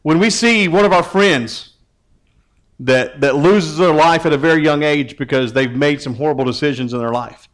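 A man's voice: a little high, normal speed, low-quality recording. A man preaching a casual, conversational sermon as a youth pastor. He often repeats words as he starts his phrases.

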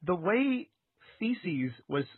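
A man's voice: high voice, big pitch swings, very slow, slightly rough, dry recording. A man co-hosting a casual chat, rambling and laughing, with lots of fillers. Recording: tinny phone-like sound.

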